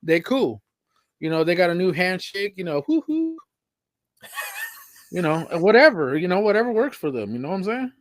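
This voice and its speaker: A man's voice: high voice, animated, a little fast, no room sound, studio quality. A man co-hosting a casual wrestling podcast, laid-back and full of "you know"s. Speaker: podcast co-host.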